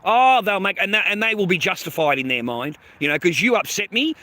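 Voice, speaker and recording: A man's voice: high-pitched, animated, brisk, bright, forceful tone. A man hosting a livestream, ranting bluntly and profanely at his chat, repeating himself and calling viewers mate and bro. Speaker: livestream host. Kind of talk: casual livestream rant to chat.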